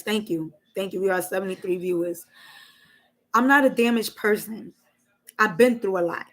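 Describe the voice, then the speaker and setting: A woman's voice: on the high side, a bit bright, rough recording. A woman hosting a casual live stream, talking emotionally and candidly and swearing freely.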